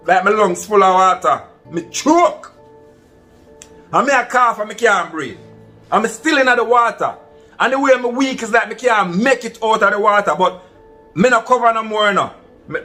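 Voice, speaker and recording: A man's voice: high-pitched, normal speed, sharp tone, soft background music. A man with a Jamaican accent tells a true story to his viewers in an earnest, casual way and calls them "my people". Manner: earnest, addresses listeners as "my people". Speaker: vlogger. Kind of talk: casual first-person storytelling.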